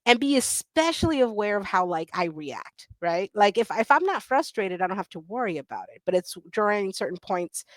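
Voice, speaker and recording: A woman's voice: mid-range voice, sing-song, brisk, few pauses, no echo. A middle-aged woman on a panel talking candidly over a video call, blunt and self-deprecating, laughing often. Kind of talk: candid conversational storytelling.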